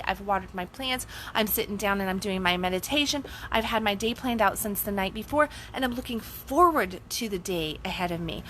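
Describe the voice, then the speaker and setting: A woman's voice: mid-range voice, a bit bright, slight background noise, low-quality recording. A woman life coach giving a blunt, casual motivational talk, swearing freely and asking rhetorical questions.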